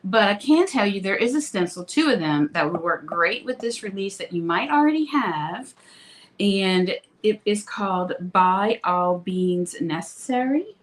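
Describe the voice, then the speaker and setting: A woman's voice: medium pitch, lively intonation, a little slow, rough recording. A woman hosting a casual live stream from her craft studio, chatting and greeting viewers one by one by name before presenting new products. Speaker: host and owner of a craft stamp company. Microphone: phone streaming live.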